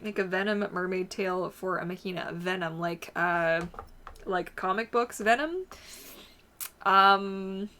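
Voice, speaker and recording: A woman's voice: mid-range voice, takes it slowly, pushed and bright, slight background noise. A woman hosting a casual livestream, chatting and answering viewer comments as she reads them out. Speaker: livestream host.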